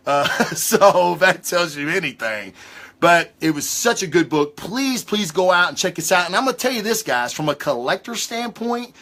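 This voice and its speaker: A man hosting a casual livestream comic book review, talking in an excitable, rambling way with lots of swearing. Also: fairly high pitch. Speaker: comic book show host.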